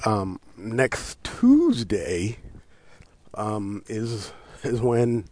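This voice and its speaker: A man's voice: on the low side, extremely slow, no echo. Profane, rambling American man ranting on sports. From United States. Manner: loose, swearing, laughs and restarts, animated outbursts. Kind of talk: casual profane sports rant.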